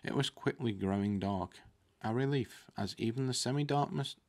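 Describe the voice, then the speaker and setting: A man reading a fantasy novel aloud as narrator, in a measured, steady way. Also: medium pitch. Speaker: audiobook reader.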